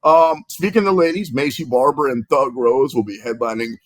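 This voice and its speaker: Dude running a fight sports show, quick topic changes, plain middle voice, no room sound. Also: male voice, mid-range voice, dry recording. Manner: brisk, steers the topics. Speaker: sports podcast host. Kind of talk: casual sports talk.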